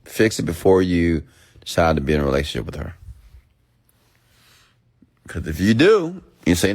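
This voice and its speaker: A man live-streaming a blunt, preachy rant to viewers, swinging between loud outbursts and low asides. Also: big pitch swings, normal speed, long pauses.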